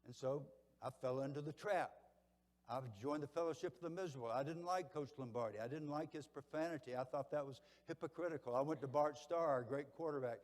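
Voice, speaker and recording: A man's voice: a little high, a little fast, big-room sound. Older man giving a keynote speech. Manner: folksy storytelling, swinging between loud and hushed. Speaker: keynote speaker. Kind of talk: motivational banquet speech.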